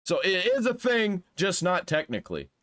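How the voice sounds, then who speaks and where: A man's voice: sits high, huge pitch swings, moderate pace, fairly bright tone. A man hosting a reaction commentary, talking bluntly and crudely in a rambling, casual way with frequent restarts. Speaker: commentary host.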